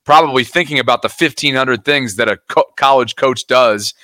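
A young man on a sports podcast recounts a scene with animated, play-by-play energy. His voice is bright and forward. It is recorded close, with a dry sound. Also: mid-range voice, moderate pace, no room sound. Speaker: podcast co-host. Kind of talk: casual sports chat.

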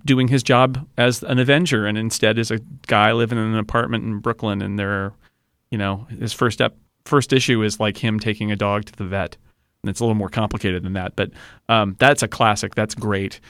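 A man's voice: on the low side, a bit bright, clean tone, no room sound, clean studio sound. A man guesting on a podcast, chatting casually and rambling with restarts. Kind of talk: casual chat.

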